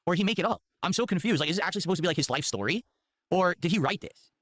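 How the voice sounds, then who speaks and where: A man's voice: sits high, expressive, rapid-fire, fairly bright tone. A man streaming, reacting to video clips with incredulous, sarcastic commentary and plenty of swearing.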